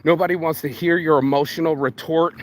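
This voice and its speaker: A man's voice: a little high, steady tone, a little fast, no echo. A man vlogging outdoors while picking up litter, ranting bluntly and profanely in streetwise slang, calling everyone bro. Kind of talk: ranting walk-and-talk vlog.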